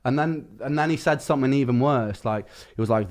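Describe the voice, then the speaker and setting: Guy telling a funny story, lots of restarts and swearing, mid-pitched everyday voice. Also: brisk. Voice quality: rambling, self-correcting, swears freely. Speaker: music producer telling a story. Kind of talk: casual anecdote in a video.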